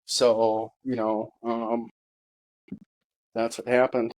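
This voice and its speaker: A man speaks slowly in a flat, level voice that barely rises or falls. He tells his own story haltingly, filling pauses with ums and uhs. His tone is grieving and bitter. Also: medium pitch, rough recording. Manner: halting, full of pauses and fillers. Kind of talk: personal testimony monologue.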